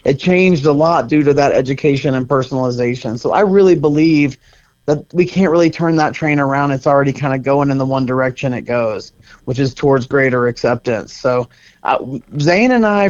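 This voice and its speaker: A man's voice: fairly high pitch, normal speed, darkish tone. A middle-aged man speaking as an interview guest, earnest and reflective, laughing now and then. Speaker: guest, center co-founder. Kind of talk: conversational interview. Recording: slightly dull lo-fi audio.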